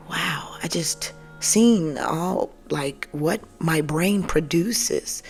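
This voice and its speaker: A woman's voice: lowish voice, gravelly. A woman hosting a podcast, telling an emotional personal story to listeners she calls family, swearing freely and often dropping to a whisper. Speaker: podcast host. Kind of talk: casual storytelling monologue.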